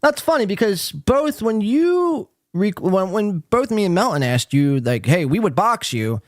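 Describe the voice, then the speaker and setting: A man's voice: high voice, very animated, measured pace, dry recording, clean studio sound. A man hosting a podcast, giving sarcastic, profane commentary on clips in a rambling casual way. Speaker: podcast host reacting to clips.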